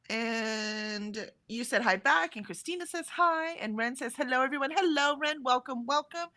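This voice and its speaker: Woman in her forties, livestream co-host, bright and chatty, reads chat aloud. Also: high voice. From Texas, USA. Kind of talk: casual chat reading out live chat.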